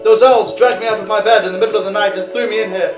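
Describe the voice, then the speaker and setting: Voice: medium pitch, fairly even intonation, racing, voice pushed up, natural voice. Brief: a game master playing a scared merchant in his thirties, raised and pleading, roomy room, music underneath. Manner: pleading, panicky. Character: frightened human male merchant, mid-thirties. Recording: roomy recording with music behind.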